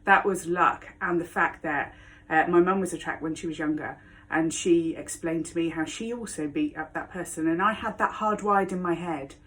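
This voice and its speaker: A woman with a somewhat low-pitched voice recounts a personal story straight to camera. She is blunt and candid, and laughter keeps breaking into her telling. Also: normal speed, fairly bright tone. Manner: frank, blunt, laughs often while telling it. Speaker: vlogger.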